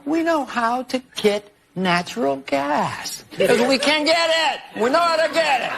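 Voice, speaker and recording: A man's voice: very high-pitched, animated, measured pace, creaky, voice pushed up, heavily acted. A man doing a sleepy, rambling old politician. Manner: mumbles softly then suddenly yells. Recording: live studio audience laughing loudly.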